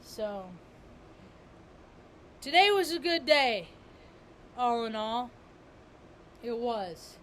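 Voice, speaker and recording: A woman's voice: a little high, animated, very slow, pauses often, fairly bright tone, a little hiss or hum. A woman vlogger talking in a rambling spiritual monologue, repeating and restarting her words with emphasis.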